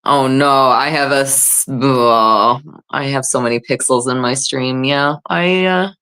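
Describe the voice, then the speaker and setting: A woman's voice: very deep voice, unhurried, a bit bright, smooth. A woman hosting a casual livestream, reading chat comments aloud and chatting in a self-deprecating, filler-heavy way. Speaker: livestream host.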